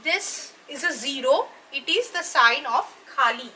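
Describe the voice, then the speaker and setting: Female dance teacher, clear high voice, patient and explanatory, faint room noise. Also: animated, a little slow, bright, forceful tone. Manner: patient, checks in with "right?" and "okay?". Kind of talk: explanatory lesson.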